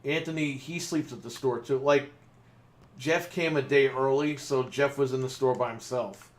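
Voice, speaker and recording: A man's voice: medium pitch, fairly even intonation, moderate pace. A man co-hosting a gaming podcast, telling stories in casual chat while playing, swearing freely. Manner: swearing, storytelling with laughs. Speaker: podcast co-host.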